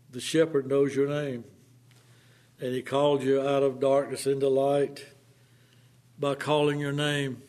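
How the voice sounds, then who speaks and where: Slow, fervent male preacher. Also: mid-range voice. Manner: fervent, dramatic swings from hushed to impassioned. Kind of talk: sermon.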